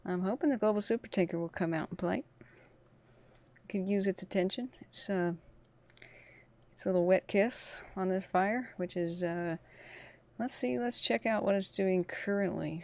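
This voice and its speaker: A woman's voice: medium pitch, moderate pace, vocal fry, a little mellow. A tired woman hosting a casual live wildfire stream, chatting over scanner radio. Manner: chatty, talks through radio traffic. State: tired from little sleep. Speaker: wildfire livestream host.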